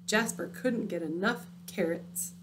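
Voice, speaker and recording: Slow, expressive woman reading a storybook. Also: mid-range voice, a little hiss or hum. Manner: dramatic, drops into hushed spooky tones. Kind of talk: picture book read-aloud.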